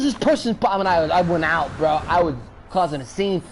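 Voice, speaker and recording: A man with a high-pitched voice spins a rambling, profane story while gaming, full of slang and repetition. He keeps circling back and building the heat, over a faint hiss. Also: expressive, fairly quick, poor audio. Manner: repeats himself and builds up heat. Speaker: gaming streamer. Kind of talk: casual storytelling while playing.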